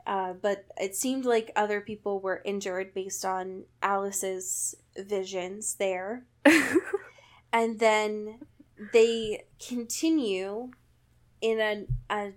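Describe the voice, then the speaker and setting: A woman's voice: medium pitch, drawn-out words. A woman in casual chat, recapping a book with sarcasm and frequent laughter. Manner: sarcastic, laughs often, reads passages in mock voices. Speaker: podcast co-host.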